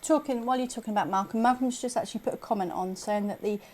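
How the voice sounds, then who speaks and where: A woman's voice: on the high side, very fast, a little mellow. Woman co-host chipping in. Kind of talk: live club webcast.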